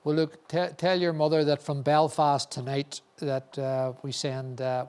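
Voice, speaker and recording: A man's voice: on the high side, level tone, a little slow, a little mellow, clear, resonant tone. A man hosting an awards ceremony in a chatty, joking way, often restarting his sentences. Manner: chatty, jokey, with frequent restarts. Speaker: awards event host.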